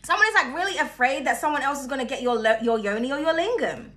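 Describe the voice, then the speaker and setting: Chatty bright-voiced woman. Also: high voice, expressive, fast talker. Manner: chatty, laughs often, swings between loud and hushed. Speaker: tarot reader. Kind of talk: casual tarot reading.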